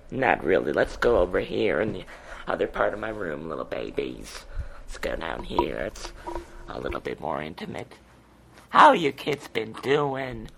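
Slow draggy gravelly guy, campy and vulgar, talking to his listeners. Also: on the low side, a little hiss or hum. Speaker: podcast host. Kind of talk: crude comedic monologue.

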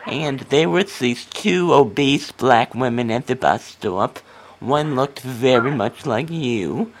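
Slow-talking deadpan man. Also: medium pitch, a little hiss or hum. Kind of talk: comedy sketch storytelling.

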